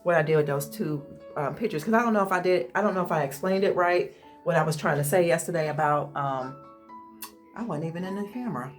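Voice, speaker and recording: A woman's voice: low-pitched, quick pace. Home vlogger, woman, chatty, keeps saying y'all, phone camera in an echoey room, faint music behind. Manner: chatty, addresses viewers as y'all. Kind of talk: casual home vlog chat. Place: home kitchen, indoors. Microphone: handheld phone camera.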